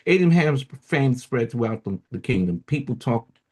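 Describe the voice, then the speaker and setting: A radio host reading a religious story aloud and breaking off into loose, chatty commentary full of fillers. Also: male voice, medium pitch, sing-song, normal speed, a little mellow, breathy edge.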